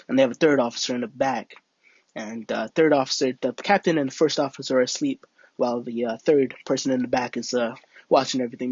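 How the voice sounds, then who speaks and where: Streaming a flight game, a young man chats with viewers and spins a rambling made-up story packed with fillers and restarts. His mid-range voice is husky, and the recording is muffled with no room sound.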